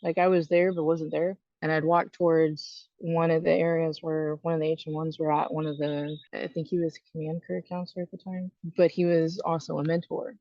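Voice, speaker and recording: A woman's voice: low voice, little pitch movement, brisk, hardly any pauses, no echo. Frank woman telling her story, dull lo-fi sound. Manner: frank, conversational, many fillers and restarts. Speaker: podcast guest, Navy veteran. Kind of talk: candid personal storytelling. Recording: dull lo-fi dry recording.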